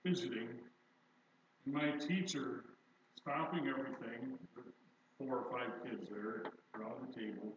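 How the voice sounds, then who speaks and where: A man's voice: mid-range voice, measured pace, a little hiss or hum. An older male pastor preaching a sermon in a conversational, storytelling way, with self-deprecating humor. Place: church sanctuary. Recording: distant, echoey, dull church recording.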